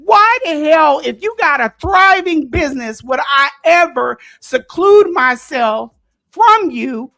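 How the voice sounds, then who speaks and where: A woman's voice: high voice, lively intonation, takes it slowly, bright, forceful tone, no room sound. A woman in a debate, earnestly pressing her point. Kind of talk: heated online debate.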